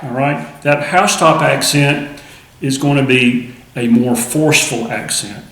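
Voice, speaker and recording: A man's voice: medium pitch, a little slow, heavy background noise. A man teaching a snare drum piece, counting aloud and explaining in a plain, casual way. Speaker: music teacher. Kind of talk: instructional demonstration. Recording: echoey room with loud drumming. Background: snare drum playing.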